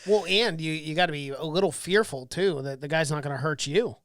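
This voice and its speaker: A man's voice: on the high side, fairly quick, fairly bright tone, no room sound, studio quality. Man chiming in with short agreements. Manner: brief agreeing interjections, laughs along. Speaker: podcast co-host. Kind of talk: casual TV review chat.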